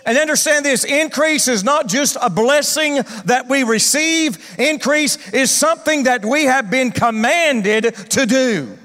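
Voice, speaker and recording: A man's voice: very high-pitched, unhurried, few pauses, pushed and bright. A male pastor preaching an emphatic sermon, calling for responses from the congregation. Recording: long hall reverb.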